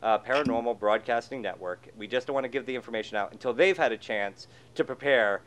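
A man's voice: medium pitch, fast, fairly bright tone. A man co-hosting a show in casual chat, easygoing and self-deprecating. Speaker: co-host.

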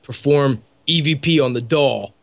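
A man's voice: mid-range voice, measured pace, gravelly, background noise. An American man co-hosting a podcast, chatting casually and teasing the others with frequent laughter. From United States. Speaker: podcast co-host. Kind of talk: casual joking chat.

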